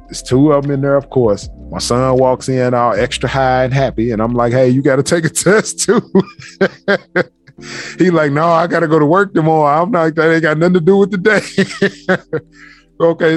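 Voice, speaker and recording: Man, middle-aged, casual storyteller, profane, laughing, mid-pitched voice, faint music behind. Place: basement home office.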